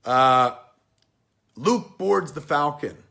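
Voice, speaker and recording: A man's voice: fairly high pitch, expressive, very slow, creaky, sharp tone. A man in his forties giving a casual, rambling film review, swearing often and getting emotional as he tells the story. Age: 40s.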